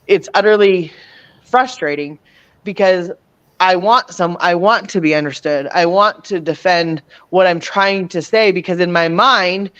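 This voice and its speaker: A woman telling personal stories in a casual, rambling way, halting often to restart her sentences and laughing between phrases. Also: fairly low pitch, a bit bright, highs cut off. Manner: rambling, halting, with many restarts and self-corrections. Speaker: host.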